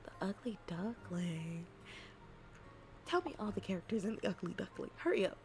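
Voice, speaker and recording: A woman streamer chatting casually and playfully with her viewers, often dropping into a soft whisper. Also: on the low side, normal speed, slight background noise.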